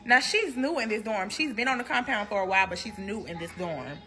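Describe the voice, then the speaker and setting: A young woman telling a prison story in a storytime vlog, animated and slangy, laughing as she goes. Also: medium pitch, brisk, hardly any pauses, faint music behind.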